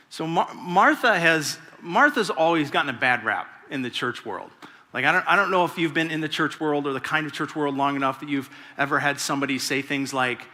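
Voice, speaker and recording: A male pastor giving a sermon in an animated, conversational way and acting out the people in the story. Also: a little high, a little fast. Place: large church hall. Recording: long reverb of a big church hall.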